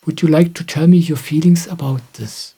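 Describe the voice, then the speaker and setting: A middle-aged man, a spiritual teacher, calmly answering questions in a gentle, reflective way. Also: fairly high pitch, normal speed, breathy edge. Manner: gentle, reflective, soft-spoken. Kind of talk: calm satsang answering questions.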